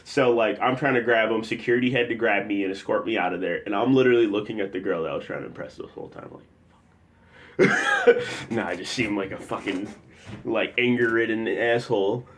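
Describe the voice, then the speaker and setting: A young man from the Chicago area tells a personal story in a loose, rambling way with lots of fillers, now and then bursting into loud acted quotes. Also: on the low side, brisk. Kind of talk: casual spoken storytelling.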